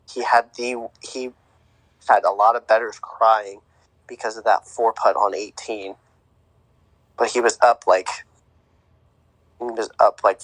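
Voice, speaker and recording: A man's voice: lowish voice, fairly bright tone, dry recording, rough recording. A young man co-hosting a podcast, chatting casually about sports with a rambling, filler-heavy way of talking. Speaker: podcast co-host.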